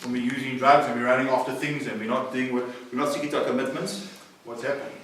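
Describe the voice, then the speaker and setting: A man teaching a faith-based recovery class, animated, repeating phrases and questioning his listeners. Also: mid-range voice, quick pace, noisy background. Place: large room at a recovery centre. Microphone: distant room mic. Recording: echoey hall, distant mic.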